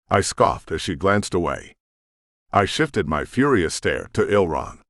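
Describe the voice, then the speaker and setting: A man narrating a first-person fantasy audiobook with intense, expressive storytelling, on a close studio mic. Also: low-pitched, a little slow, no room sound.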